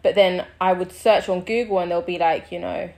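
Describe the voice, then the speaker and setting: A young woman, co-hosting a casual chat and telling a story with lively acted-out quotes and frequent laughter. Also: lowish voice, moderate pace, gravelly. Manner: animated storytelling, acts out quoted people, laughs often. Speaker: podcast co-host.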